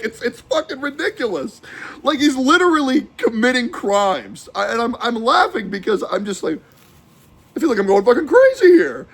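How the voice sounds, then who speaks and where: A young adult man streaming a heated, profane rant, swinging between shouting and low muttering. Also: gravelly, slightly rough.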